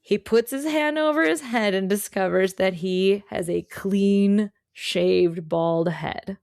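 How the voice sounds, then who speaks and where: A woman's voice: medium pitch, slow, creaky, a little mellow, smooth, dry recording, studio quality. A woman co-hosting a podcast, retelling a folktale in a chatty, irreverent way. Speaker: podcast co-host. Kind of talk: casual storytelling.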